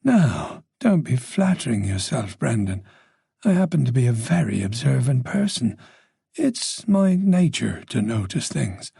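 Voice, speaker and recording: A man's voice: mid-range voice, big pitch swings, gravelly, mellow, breathy edge, no room sound, clean studio sound, exaggerated voice. A man voicing a chatty, observant older woman with a faint Dublin accent, teasing and talking on in an audiobook. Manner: gossipy, teasing, talks on quickly.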